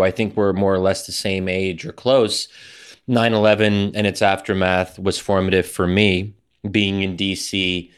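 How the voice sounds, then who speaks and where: Low-voiced man asking long questions. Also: clean tone. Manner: thoughtful, lengthy questions. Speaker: podcast host. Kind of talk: interview questions.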